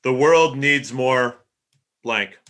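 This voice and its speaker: A man hosting a podcast, chatting with a guest and giving an energetic sign-off. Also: medium pitch, very slow. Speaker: podcast host. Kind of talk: podcast interview chat.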